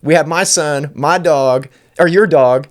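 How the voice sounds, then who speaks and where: A man hosting an uncensored podcast rants angrily and swears constantly. His voice is a little high and unhurried.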